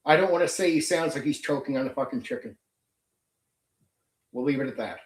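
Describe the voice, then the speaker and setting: A man's voice: mid-range voice, brisk, roomy sound. A middle-aged man hosting a casual live chat, venting bluntly and swearing heavily. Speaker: channel host. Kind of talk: casual ranting livestream chat.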